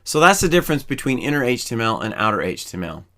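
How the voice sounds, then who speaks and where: A male instructor talks through a screen-recorded coding lesson, narrating every step as he goes. His voice has a bright, forward edge and sits at an ordinary middle pitch. He keeps a calm, methodical pace. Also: racing. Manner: calm, methodical, explains each step while typing. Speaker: programming instructor.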